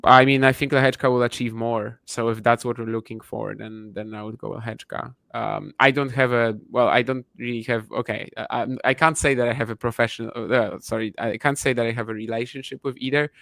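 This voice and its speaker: Gravelly-voiced man in casual chat. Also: mid-range voice, fairly even intonation, brisk, few pauses, a bit bright, no room sound. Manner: thinking aloud, with many restarts. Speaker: podcast co-host.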